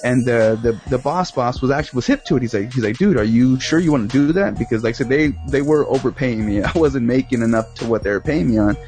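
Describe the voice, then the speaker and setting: Man of mid pitch, loose and profane, circles his story with laughs; soft music underneath. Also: fast, few pauses. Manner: rambling, profane, laughs often. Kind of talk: casual chat.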